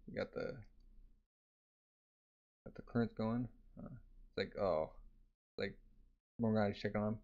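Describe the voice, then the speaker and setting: Guy reading manga out loud, says like a lot, does the sound effects, kinda muffled. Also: mid-range voice. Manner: loose, filler-heavy reading full of sound effects. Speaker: manga reader. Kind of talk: casual manga read-along with voices.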